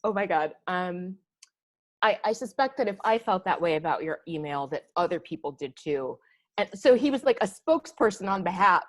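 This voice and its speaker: A woman's voice: lowish voice, normal speed. Exasperated woman telling a story. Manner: animated storytelling, acting out emails with exasperation. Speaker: podcast co-host. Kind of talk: casual podcast chat.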